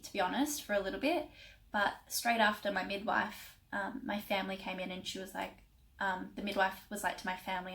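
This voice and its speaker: A young woman in a casual vlog, recounting a personal story. Her voice sits at an ordinary middle pitch, and she speaks with emotion, wandering through many fillers and restarts. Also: fairly even intonation, moderate pace, fairly bright tone, poor audio. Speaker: vlogger.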